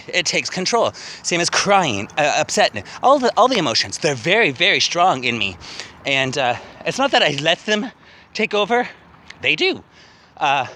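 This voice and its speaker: A man vlogs into a handheld phone as he walks outdoors, talking in a rambling, emotional, profane way. His voice is fairly high and bright and swings widely in pitch. Faint traffic hums behind him. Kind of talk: rambling walk-and-talk vlog. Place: outdoors walking past a city cemetery.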